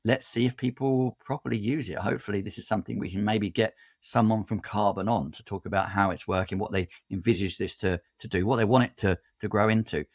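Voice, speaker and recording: Man, podcast co-host, lowish pitch, dry-humoured, dry recording. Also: fairly even intonation, a little fast, hardly any pauses, no room sound. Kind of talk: casual chat.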